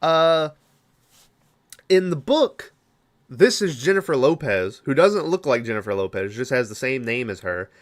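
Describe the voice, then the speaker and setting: A man's voice: mid-range voice, expressive, a little fast, hardly any pauses. A man hosting a podcast, recapping a movie in a rambling, casual way, full of filler words and swearing. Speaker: podcast host.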